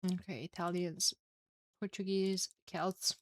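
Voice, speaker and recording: A woman commentating a strategy game alone for her live chat, chatty and excitable, tired and with a headache. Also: on the low side, takes it slowly. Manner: chatty, excitable, swears and laughs at herself. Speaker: esports caster.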